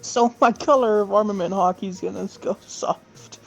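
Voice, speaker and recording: A man voicing a flustered, lovesick young man in a high, strained squeal while reading a comic aloud on a podcast. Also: normal speed, creaky, faint music behind, rough recording. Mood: pleading.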